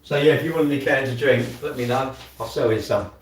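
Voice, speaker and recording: He's a fast-talking livestreamer with a mid-range voice, rambling and muttering to himself over chores in his home kitchen. The recording is very noisy, with the mic far away in an echoey space.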